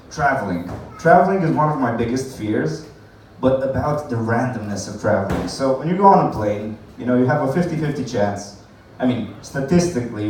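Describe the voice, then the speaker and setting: Heard from far off in an echoey room with faint background noise, a man with a medium-pitched, slightly mellow voice performs stand-up at an open mic. He rambles, curses, and cracks himself up at his own jokes.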